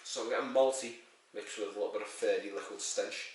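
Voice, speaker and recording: A fast-talking man with a lowish voice reviews a beer in a crude, jokey, rambling monologue, swearing throughout. The room echoes heavily, and the mic is placed at a distance.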